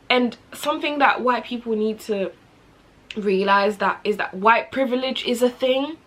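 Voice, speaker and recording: A young adult woman, talking earnestly and passionately in a rambling personal vlog monologue. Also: mid-range voice.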